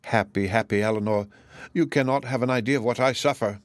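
A man voicing a grief-stricken young woman in an audiobook, pleading and anguished, a little higher than his own voice. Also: fairly quick, dry recording, clean studio sound, lightly acted. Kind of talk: audiobook character voice.

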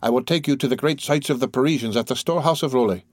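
A man's voice: medium pitch, racing, no room sound, clean studio sound, close to an everyday voice. A man playing Phoebus, a swaggering captain. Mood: boastful. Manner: swaggering, grand declarations.

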